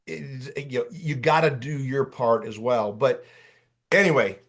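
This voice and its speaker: A man in his late fifties running an online job-search workshop, talking in an animated, chatty way and calling on attendees by name. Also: mid-range voice, measured pace. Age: 50s. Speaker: workshop coach. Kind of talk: energetic online workshop talk.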